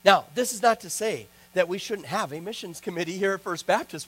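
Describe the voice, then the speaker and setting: A man's voice: high voice, a little fast, hardly any pauses, a bit bright, slightly rough, rough recording. A man preaching a sermon as pastor, earnest and building to emphatic points.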